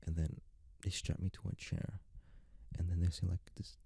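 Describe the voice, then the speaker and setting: A young man rambling in a soft-spoken ASMR style, close to the mic, filling his talk with "like". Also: low voice, flat delivery, moderate pace, creaky, husky, no room sound. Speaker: ASMR creator.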